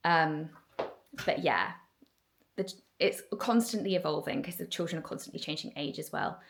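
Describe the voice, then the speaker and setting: A woman's voice: sits low, lively intonation, normal speed, gravelly. A woman in her thirties with an English accent, chatting casually in a home vlog, with lots of "like" fillers. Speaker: vlogger.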